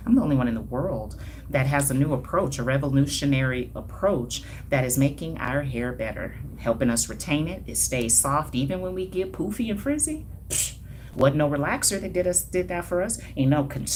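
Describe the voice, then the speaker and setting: Sassy low-voiced woman stylist, livestream. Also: sing-song, moderate pace, darkish tone, a little hiss or hum. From Denver, Colorado. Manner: sassy, emphatic, colloquial, chuckling asides. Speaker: hair stylist and brand owner. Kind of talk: casual livestream talk to viewers.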